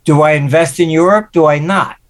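A man's voice: fairly high pitch, fairly quick. Older man, interview guest, anecdotal, voices the people he quotes. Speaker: guest, market forecaster. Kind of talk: interview storytelling.

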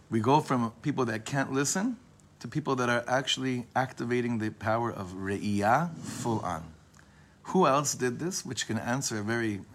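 A Torah teacher leads an informal, meandering religious class, wandering discursively, often restarting and correcting himself, and leaning on a phrase by repeating it slowly. His voice is medium in pitch with a fairly bright tone, and there's a little hiss or hum.

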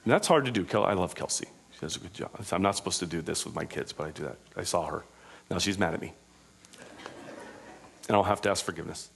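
A man preaching a sermon as pastor, moving between raised, emphatic proclaiming and quiet, conversational asides, with an informal manner and frequent fillers. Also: low voice, fast, vocal fry, pauses often, slight background noise.

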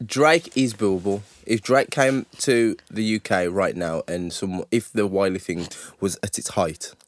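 A man, co-hosting a casual chat and telling animated, slangy stories. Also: lowish voice, measured pace, no room sound. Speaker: podcast co-host.

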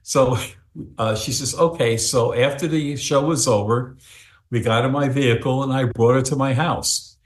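A man tells a story in a chatty, rambling way, full of fillers as he goes. His voice sits at an ordinary pitch for a man. The sound carries a roomy echo. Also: moderate pace. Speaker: psychic medium guest. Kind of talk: storytelling in a podcast interview.

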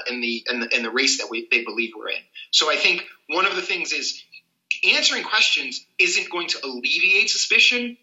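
A man's voice: mid-range voice, pushed and bright, roomy sound, dull audio. A man, a civil rights attorney, explaining people's rights as a guest on a podcast. He talks earnestly and acts out little scenes as he goes.

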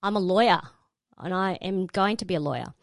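Woman, middle-aged, radio presenter, storytelling, lowish voice, dry close sound. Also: fairly quick, vocal fry, no echo. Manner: animated storyteller acting out quotes. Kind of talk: storytelling in a panel conversation.

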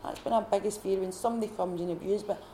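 A woman's voice: mid-range voice, steady tone, warm tone, slight background noise. Scottish woman giving a heartfelt testimony. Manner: heartfelt, halting, with many restarts. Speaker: retreat participant sharing testimony. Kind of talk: personal faith testimony. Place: retreat gathering room.

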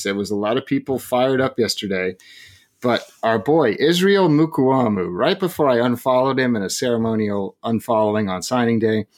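A man co-hosting a podcast in casual chat, joking and chuckling as he talks. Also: medium pitch. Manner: chatty, laughing often, self-deprecating jokes. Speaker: podcast co-host.

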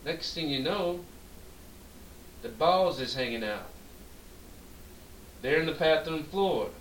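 Animated storytelling man in an echoey room. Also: fairly high pitch, slow pace. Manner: animated, profane, acts out quoted dialogue. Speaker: podcast co-host. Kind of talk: drunk storytelling chat. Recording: echoey room, distant mic, faint hiss.

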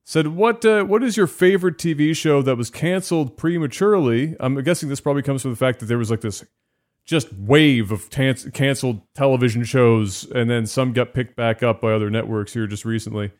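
A man's voice: medium pitch, brisk, a little mellow. A man hosting a podcast in casual chat, laid-back as he reads out listener pledges and questions. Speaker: podcast host.

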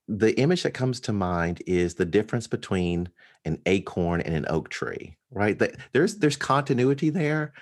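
A man who is a pastor, talking thoughtfully about his sermon in a casual conversation, pausing often with ums and lifting his voice on key points. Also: on the low side. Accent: African American. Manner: thoughtful, pausing with many ums, rising with emphasis.

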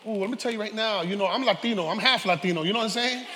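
A man preaching a sermon, animated, with joking asides and shouted peaks. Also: sits high, rapid-fire, hardly any pauses, a little hiss or hum. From New York, Harlem. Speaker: pastor. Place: church sanctuary. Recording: reverberant church hall.

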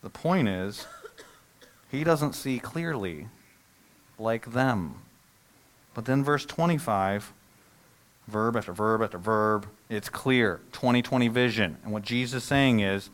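A middle-aged male pastor preaching a sermon, animated, acting out the disciples' reactions and dropping to a hush for solemn points. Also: fairly low pitch, slow pace, long pauses.

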